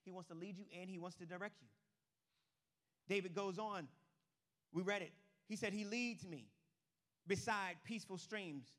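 Animated high-voiced male preacher. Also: normal speed, long pauses. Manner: animated, swings between shouting and hushed. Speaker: pastor. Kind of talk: animated sermon.

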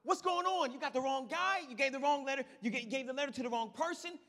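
A man's voice: extremely high pitch, fast talker, pushed and bright, in a large hall, exaggerated voice. A man doing a flustered, protesting king.

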